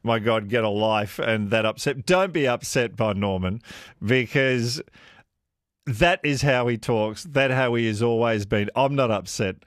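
A man's voice: mid-range voice, measured pace, dry recording, studio quality. A man hosting talkback radio, chatting with callers and laughing often. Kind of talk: warm casual on-air chat with callers. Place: radio studio.

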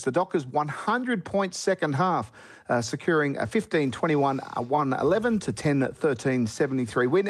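An Australian man delivers the morning sports round-up on radio. His voice sits a little high for a man. He sounds upbeat and chatty as he runs through scores and results. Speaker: sports presenter.

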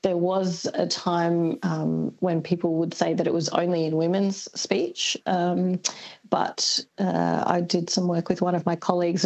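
An Australian woman, a linguist guest, explaining things thoughtfully on a radio interview, pausing often with ums. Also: lowish voice, gravelly, darkish tone, breathy edge, lo-fi sound. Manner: thoughtful, hesitant with many ums.

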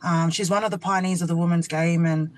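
A woman's voice: fairly low pitch, steady tone, fairly quick, no echo. A woman, a rugby league player, chatting as a guest and animatedly acting out quotes as she tells a story. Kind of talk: casual chat interview.

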